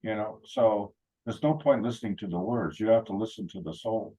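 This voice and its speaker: Low husky man, rambling anecdotes. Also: a little fast, dark tone, rough recording. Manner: rambling, anecdotal, with frequent fillers and restarts. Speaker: meeting speaker. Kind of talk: casual talk.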